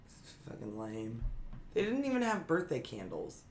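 A woman's voice: a bass voice, huge pitch swings, moderate pace. A woman co-hosting a podcast, telling a story in casual chat and swearing now and then. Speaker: podcast co-host.

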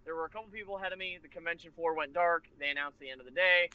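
A man casually telling a rambling, animated convention story with laughs and restarts. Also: on the high side, racing, dry recording. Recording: lo-fi muffled recording.

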